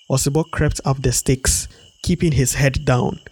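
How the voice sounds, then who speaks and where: A man narrating a folktale in a steady storybook read-aloud. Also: medium pitch, moderate pace, husky.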